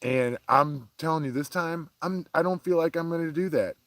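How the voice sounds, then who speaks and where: Profane ranting man, voice on the high side. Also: normal speed, a bit bright, no room sound. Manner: profane, heated, swinging from low mutters to raised outbursts. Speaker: podcast host. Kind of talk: casual ranting monologue.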